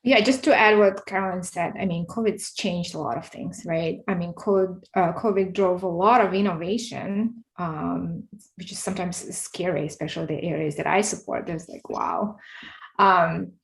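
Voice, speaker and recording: A woman on a conference panel talks casually, leaning on fillers and asides. Her voice sits a little low and carries a gravelly fry. Her tone stays loose and conversational. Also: normal speed, poor audio. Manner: casual, many fillers and rhetorical "right?".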